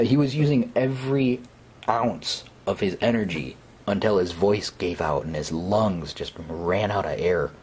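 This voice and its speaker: A man narrating a first-person horror story in a hesitant, conversational way, with fillers and pauses. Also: low voice, a little mellow, slight background noise.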